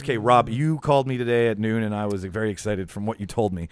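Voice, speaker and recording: A man's voice: on the low side, fast talker, few pauses. A man hosting a casual film podcast, rambling through stories and laughing often. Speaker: podcast host.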